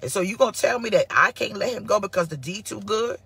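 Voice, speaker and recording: A woman pastor giving a casual live-streamed sermon, sassy and animated as she answers her online viewers. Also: medium pitch, fast, gravelly, husky. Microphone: phone or computer mic for live stream.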